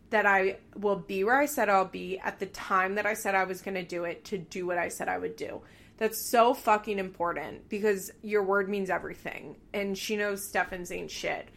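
A woman's voice: mid-range voice, creaky, a bit bright. A woman giving a casual, candid recap of a reality TV episode, swearing freely as she talks.

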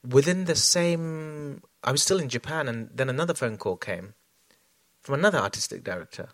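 A man's voice: mid-range voice, lively intonation, normal speed, fairly bright tone, dry recording. Reflective man, dry close sound. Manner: reflective, many fillers and restarts. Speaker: choreographer guest. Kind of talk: onstage conversation.

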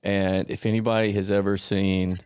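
A man's voice: fairly low pitch, level tone, moderate pace, a little mellow, smooth, no room sound, clean studio sound. A man co-hosting a comedy podcast, chatting casually and dropping in short jokey quips. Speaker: podcast co-host.

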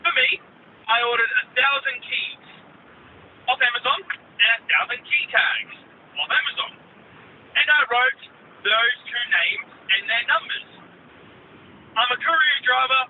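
Male caller, plain storyteller, very high voice, phone line with faint noise. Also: animated, unhurried, pauses often, recorded from a distance.

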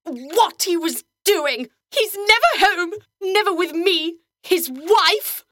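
Comic role: a woman as an indignant, lonely society wife in an audio comedy, with a bright voice and a dry sound. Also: extremely high pitch, lively intonation, takes it slowly, no echo, full character voice. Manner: indignant, melodramatic. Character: neglected Victorian wife, shrill and dramatic.

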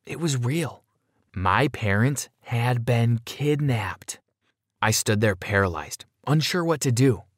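A man's voice: mid-range voice, no room sound, studio quality. A man giving scripted first-person narration of a dramatic story in an earnest, dramatic storytelling manner.

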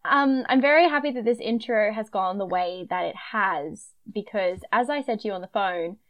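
A young woman with a Queensland Australian accent, co-hosting a podcast in casual, enthusiastic chat that sinks to a quieter murmur when she tells a story. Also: moderate pace, muffled recording. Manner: chatty, enthusiastic, drops to a low murmur when telling stories. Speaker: podcast co-host.

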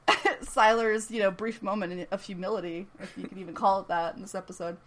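A woman's voice: medium pitch, fairly even intonation, moderate pace, fairly bright tone. A woman in casual chat recapping a TV episode, acting out the characters' lines and laughing often. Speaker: podcast co-host.

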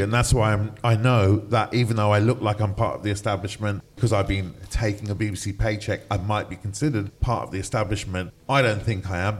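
A middle-aged radio DJ and broadcaster, appearing as an interview guest, speaks passionately in a conversational exchange. His voice sits lowish, and he acts out other people's voices whenever he quotes them.

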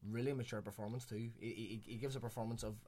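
A man's voice: lowish voice, fairly even intonation, fast, mellow. A man chatting casually on a podcast, enthusiastic and swearing now and then. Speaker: podcast co-host reviewing films. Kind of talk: casual chat.

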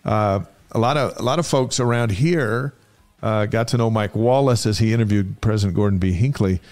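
A man's voice: fairly low pitch, normal speed, darkish tone, soft background music. A man co-hosting a sports talk show in a studio, chatting casually in an easygoing way and reading out dates and notices. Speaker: co-host of a sports radio show. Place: radio studio.

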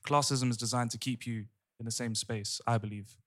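A man co-hosting a casual podcast chat, an animated storyteller who swears freely. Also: medium pitch, brisk. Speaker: podcast co-host.

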